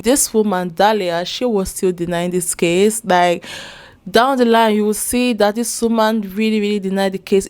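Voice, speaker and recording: A woman's voice: medium pitch, a little mellow, smooth. A woman casually retelling a true crime case to her viewers, rambling along with asides and apologies. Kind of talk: casual storytelling.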